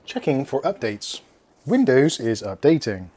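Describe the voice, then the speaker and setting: A man's voice: mid-range voice, big pitch swings, a little slow, darkish tone, slight background noise. A man from England hosting a casual unboxing video, rambling and joking while he chats with his household and his viewers. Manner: rambling, jokey, talks to pets and chat. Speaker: tech video host.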